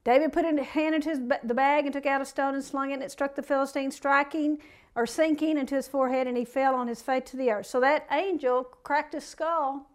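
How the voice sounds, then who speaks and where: A woman's voice: high-pitched, fairly even intonation, brisk. A woman preaching a sermon, reading scripture aloud and breaking off into folksy, plain-spoken asides.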